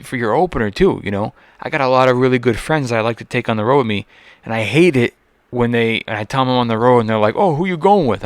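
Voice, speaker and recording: A man's voice: mid-range voice, no room sound. Exasperated, profane male podcast host. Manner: profane, exasperated ranting with frequent restarts. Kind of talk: solo podcast rant.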